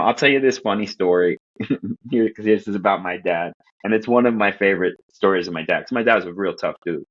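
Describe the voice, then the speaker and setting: Podcast guest, a man from Queens, New York, telling lively casual stories in a slightly low voice, muffled sound. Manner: animated, profane, acts out quoted voices. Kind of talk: casual storytelling chat.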